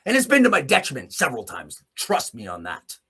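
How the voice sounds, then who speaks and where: A man from Alberta, Canada, hosting a podcast and delivering an angry, profane rant, swinging between low muttering and shouting. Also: wildly swooping pitch, brisk, husky. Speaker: host. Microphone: podcast mic in a small room.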